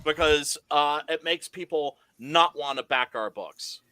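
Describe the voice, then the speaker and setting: A man talks shop on a casual comics stream, leaning into his stories with emphatic, animated delivery. His voice has a slightly higher pitch and a forceful, bright edge. The sound is dry and close. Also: measured pace, clean tone, no room sound. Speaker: comic creator guest. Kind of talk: casual podcast chat.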